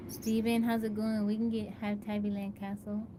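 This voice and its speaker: Flat-voiced woman chatting outdoors. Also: medium pitch, normal speed, noisy background. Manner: greets viewers by name, easygoing. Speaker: live streamer. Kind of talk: casual live-stream chat. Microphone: phone.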